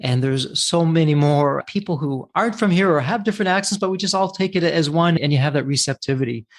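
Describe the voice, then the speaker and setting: A man's voice: fairly high pitch, a little fast. A man from the United States hosting a podcast interview, affirming his guest and asking curious questions. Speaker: podcast host.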